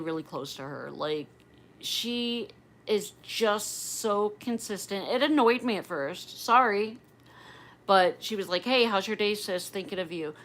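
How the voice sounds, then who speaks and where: A woman's voice: medium pitch, a bit bright, low-quality recording. Chatty middle-aged woman hosting a livestream. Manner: chatty and rambling, addresses viewers directly. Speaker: livestream host. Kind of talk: casual livestream chat.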